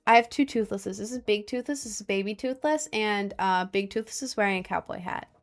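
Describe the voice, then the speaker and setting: A young woman from the States streams live, tossing out sarcastic jokes as she answers chat. She laughs a lot and keeps it loose and casual, her voice sitting in a middle pitch. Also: brisk. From United States. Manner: joking, sarcastic, laughs often.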